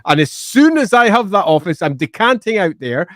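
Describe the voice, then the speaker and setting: A man chatting casually as a regular on a stream, playful and quick to laugh. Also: high-pitched, very animated, fairly bright tone, no room sound, studio quality. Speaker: regular panelist. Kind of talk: casual livestream chat.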